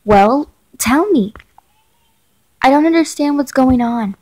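A woman's voice: high voice, expressive, slow pace, warm tone, full character voice, low-quality recording. A woman reading aloud as a frightened teenage girl who keeps pressing her mother with anxious questions in a chat story. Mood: scared.

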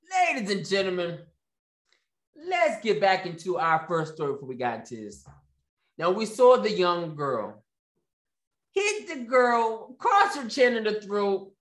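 A man's voice: sits high, fairly bright tone. A man hosting his own commentary show, ranting with sarcasm and repeating phrases for emphasis. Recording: echoey room.

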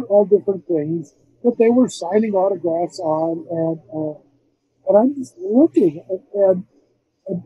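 An older man, a film composer, telling rambling, animated stories in a casual interview, with many restarts and fillers. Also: high voice, breathy edge, muffled recording.

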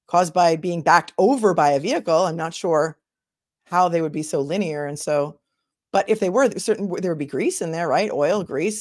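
A woman's voice: on the low side, no room sound, studio quality. A woman attorney hosting a casual livestream, chatting and answering viewer comments as she thinks aloud.

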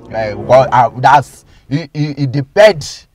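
A man's voice: mid-range voice, takes it slowly, darkish tone. A man with a Nigerian accent playing a boastful comic driving instructor in a comedy skit, mixing pidgin and English and laughing often.

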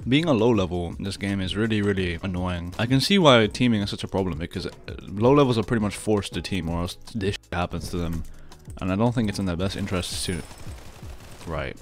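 A young man giving casual, sarcastic commentary on his own gameplay, just woken up and low on energy, tacking "bro" onto everything. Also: brisk, faint music behind. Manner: sarcastic, exasperated, says "bro" constantly. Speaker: gaming video creator.

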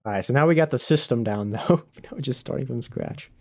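A man's voice: mid-range voice, fairly quick, a little mellow. A man streaming a game live, chatting casually, laughing often and answering his chat as he plays.

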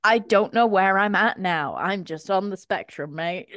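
A woman's voice: mid-range voice, measured pace, a bit bright, no echo, studio quality. A woman from England with a British English accent, hosting a casual group podcast chat. She is chatty and giggly, and she reads some parts out from her notes. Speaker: podcast host.

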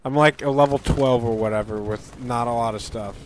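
A man hosting a game stream, chatting casually and telling rambling, animated stories. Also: medium pitch, fairly quick, slight background noise. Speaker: streamer host. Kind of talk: casual gaming chat.

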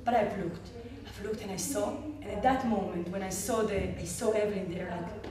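A woman medical clown with an Israeli accent telling a personal story to a panel audience, animated, with frequent laughter and halting restarts. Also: medium pitch, crowd noise. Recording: echoey hall, distant mic, audience noise.

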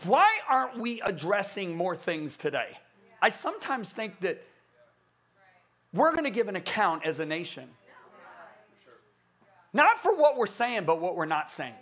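Impassioned high-voiced older preacher. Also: male voice, sing-song, unhurried, pauses often. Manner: impassioned, repeats words in bursts, swings from hushed to loud. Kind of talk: passionate conference sermon. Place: large church conference stage.

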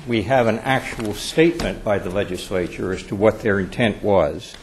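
A man speaking as an attorney in court, giving a measured, deferential formal legal argument. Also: on the low side, slight background noise. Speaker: attorney arguing before an appeals court.

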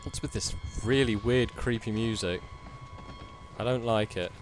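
A man's voice: fairly low pitch, unhurried, noisy background. A man giving jumpy, cursing commentary on a horror game, yelping at scares. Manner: jumpy, swears and yelps at scares. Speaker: let's play gamer.

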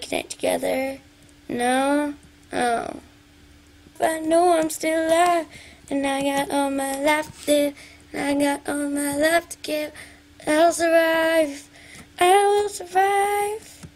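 A woman's voice: high voice, creaky, darkish tone. A young woman chatting casually over her gameplay, talking to viewers and singing bits of songs. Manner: chatty, sings along to pop songs, talks to viewers. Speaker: gaming video maker.

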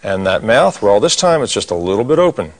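A man's voice: on the low side, sing-song, a little fast. A middle-aged man teaching a cartoon drawing lesson, talking through each step as he draws and cracking corny jokes. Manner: folksy, corny jokes, talks while drawing. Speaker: drawing instructor.

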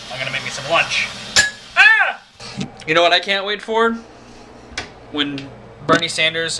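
A man's voice: a little high, background noise. A young man talking casually in a daily vlog, rambling and opinionated, swearing freely. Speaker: vlogger.

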